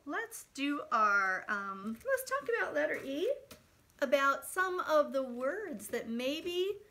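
Woman teacher, slow, sing-song, bright voice, talking to little kids. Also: high-pitched, big pitch swings. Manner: slow, sing-song, talks straight to children. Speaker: preschool teacher. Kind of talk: video lesson for young children.

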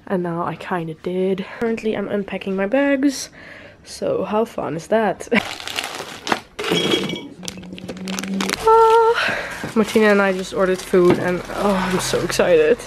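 A woman's voice: mid-range voice, a little slow, noisy background. Chatty young woman vlogging casually. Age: young adult. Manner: chatty, giggly, self-deprecating. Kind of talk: casual vlog chat.

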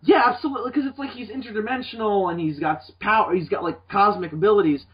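A man's voice: high voice, fast talker, slightly rough. A young man hosting a podcast in casual chat, rambling and swearing often. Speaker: podcast host. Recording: dull lo-fi podcast audio.

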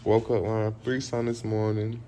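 Lowish and moderately paced, this man's voice comes with a little hiss or hum. He's a young guy vlogging to a tripod-mounted camera from his apartment, sick with food poisoning and nursing a tongue he bit sore. Chatty and animated, he swears freely and talks straight to his viewers.

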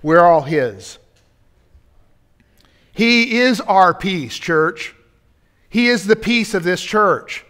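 Speaking very slowly with long pauses, this pastor has a high, expressive, fairly bright voice. His sermon in the church sanctuary climbs toward emphatic points, and he turns to the congregation now and then with asides.

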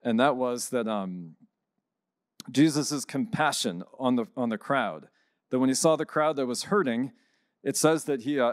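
Animated priest telling a story. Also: male voice, mid-range voice, no echo, clean studio sound. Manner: animated storyteller, acts out quoted voices. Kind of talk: conference talk with storytelling.

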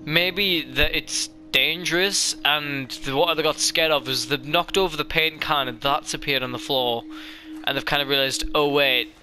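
A young man giving excitable let's-play commentary, jokey and chatty, talking back to the characters on screen. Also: fairly high pitch, normal speed, soft background music. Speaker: gaming YouTuber.

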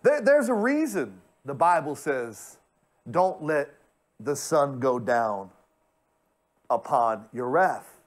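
A male pastor preaching a sermon, turning often to speak straight at the congregation and swinging from loud, stretched-out lines to hushed ones. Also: mid-range voice, sing-song, takes it slowly, long pauses. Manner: addresses the congregation directly.

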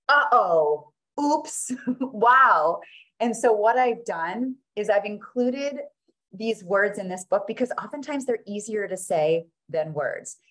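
A woman presenting her children's book, reading it aloud in a playful, sing-song way. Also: medium pitch.

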